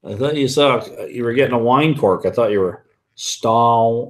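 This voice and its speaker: Medium in pitch and moderate in pace, a whisky vlogger talks loosely through viewer comments, wandering off track and frequently fixing what he just said.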